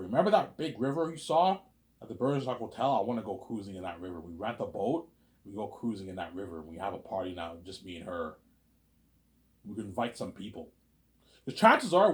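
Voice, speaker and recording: Man, lower pitch, casual vlog monologue; rambling, stop-start delivery swinging from excited to mumbled. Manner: rambling, repeats words and restarts, jumps between loud excited bursts and low mutters. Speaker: vlogger.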